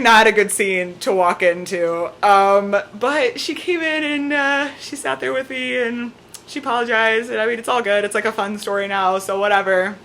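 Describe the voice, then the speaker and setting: A young woman with a bright, clear-edged voice tells a story straight to camera from her home, with her cat on her lap. She talks casually and animatedly, and "like" turns up in nearly every sentence. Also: medium pitch. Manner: chatty, peppered with "like", animated retelling. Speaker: vlogger.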